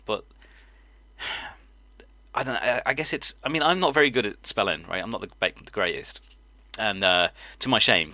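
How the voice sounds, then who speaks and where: A man's voice: on the low side, pushed and bright, no room sound. A man, a live-stream host, chatting casually, rambling and breaking into laughter often. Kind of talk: casual chat.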